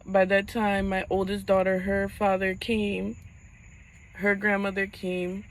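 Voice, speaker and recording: A young woman speaks straight to her camera in a mid-pitched voice. Her voice catches and halts as she holds back tears, and she often starts a sentence over. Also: completely flat delivery, low-quality recording. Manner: halting, fighting back tears. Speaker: vlogger. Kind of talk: personal storytelling vlog.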